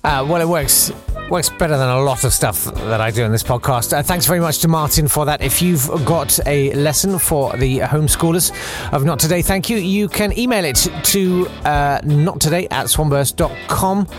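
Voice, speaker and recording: A man's voice: fairly high pitch, normal speed, over music. A man hosting a podcast in a casual, rambling way, reading listener messages with self-deprecating asides. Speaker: podcast host.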